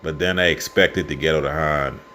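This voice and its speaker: A Bahamian man giving casual football commentary and predictions, passionate and quick to get worked up. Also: a bass voice, steady tone, a little hiss or hum. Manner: passionate, gets worked up and loud. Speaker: sports fan vlogger.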